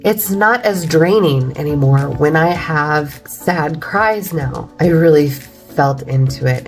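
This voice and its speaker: A woman trauma coach talking candidly to camera in a casual vlog, full of "like" and frank swearing, emotional and close to tears. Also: deep voice. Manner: casual and candid, heavy filler "like", swears freely.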